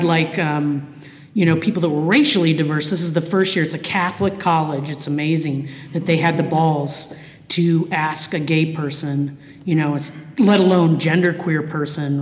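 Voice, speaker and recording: A speaker from the Cleveland area of Ohio, sharing her story from a podium at a recovery meeting, candid and full of swearing and restarts. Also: deep voice. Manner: candid and profane, with frequent fillers and restarts. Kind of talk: personal testimony from a podium. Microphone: podium microphone. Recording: echoey hall reverb.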